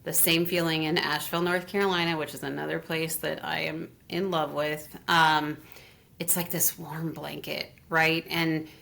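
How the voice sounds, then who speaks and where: Gushing, gravelly middle-aged woman storyteller. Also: low voice, moderate pace. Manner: animated, gushing, many fillers. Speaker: guest, Reiki teacher. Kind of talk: casual storytelling in an interview.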